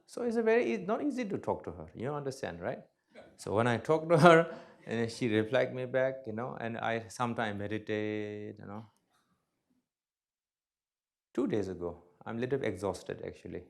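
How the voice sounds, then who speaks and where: A man giving a dharma talk as a Buddhist teacher, blunt and joking, in broken English grammar, swinging between loud emphatic bursts and soft asides. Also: medium pitch, very animated, moderate pace, vocal fry.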